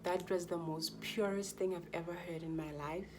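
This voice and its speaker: A woman's voice: fairly low pitch, steady tone, moderate pace, background noise. A young woman vlogger telling her birth story to camera in a chatty, heartfelt way, repeating phrases for emphasis. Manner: chatty and heartfelt, often addresses viewers as guys.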